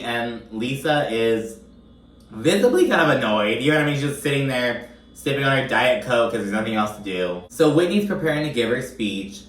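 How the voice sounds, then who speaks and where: A man's voice: medium pitch, fairly bright tone, echoey room, recorded from a distance. A man giving a casual recap commentary, swearing often in a sassy, exasperated rant. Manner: profane, sassy, exasperated ranting.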